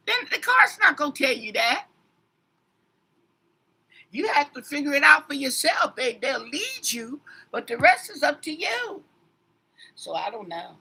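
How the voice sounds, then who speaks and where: A woman's voice: fairly high pitch, sing-song, unhurried, sharp tone, husky. A woman tarot reader in a casual livestream chat, rambling and talking straight to her commenters with emphatic asides.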